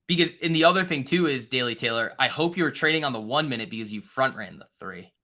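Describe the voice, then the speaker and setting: A man's voice: medium pitch, animated, fast, pushed and bright. A young man hosting a live stock trading stream, talking loosely and profanely, joking with chat while he reads the charts. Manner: loose, profane, bro-talk banter with chat, chuckling. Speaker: stock trading livestream host. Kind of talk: casual live market commentary.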